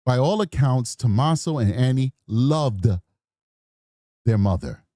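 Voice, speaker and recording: A man's voice: mid-range voice, takes it slowly, no echo. Man, 40s, true crime commentator, dry close sound, rambling slangy talk. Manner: rambling, slangy, animated storytelling. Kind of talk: casual reaction commentary.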